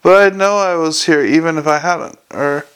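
A man reading the part of a brisk, dry-humored middle-aged watch commander. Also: on the high side, fairly bright tone, clear, resonant tone, close to an everyday voice. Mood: wry brisk.

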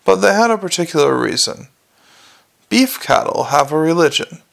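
A man reading a comic novel aloud as a narrator, in a wry, measured storytelling manner. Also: fairly high pitch, expressive, gravelly, a bit bright. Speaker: audiobook narrator. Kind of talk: scripted narration.

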